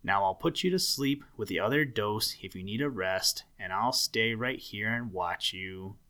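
A man voicing a gruff, self-satisfied old male muskrat doctor in a storybook reading, speaking severely and bossily. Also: on the low side, moderate pace, pushed and bright. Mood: bossy. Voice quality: gruff, growling. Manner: severe and bossy.

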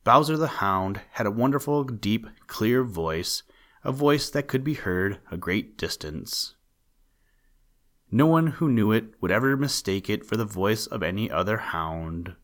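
A man narrating a children's animal story in a measured, gently emphatic storytelling manner. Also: fairly low pitch, lively intonation.

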